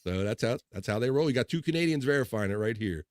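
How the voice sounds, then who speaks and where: A man's voice: mid-range voice, animated, fast talker, darkish tone, no room sound, clean studio sound. A man co-hosting a casual live stream, laughing often and reading viewer comments aloud. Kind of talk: casual banter.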